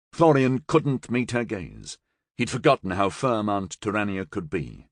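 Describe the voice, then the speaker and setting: A man narrating an audiobook, reading with expressive storytelling from a close mic. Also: fairly low pitch, unhurried, no echo. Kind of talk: scripted narration.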